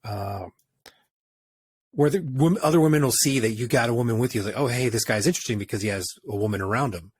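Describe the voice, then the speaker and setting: A man in casual podcast chat, halting as he searches for words. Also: mid-range voice, slightly rough, no echo. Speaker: podcast co-host.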